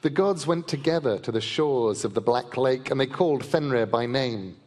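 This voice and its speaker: A man, an author, reading a myth aloud to a live festival audience in a measured, vivid storytelling manner. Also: medium pitch, a little mellow. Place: large festival hall. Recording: long reverb of a large festival hall.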